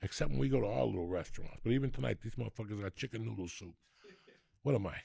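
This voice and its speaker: A man's voice: lowish voice, fast, creaky, breathy edge, dry recording. A man, telling rambling, profane comic stories as a podcast host. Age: 60s. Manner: profane, rambling, animated storyteller. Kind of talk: storytelling comedy rant.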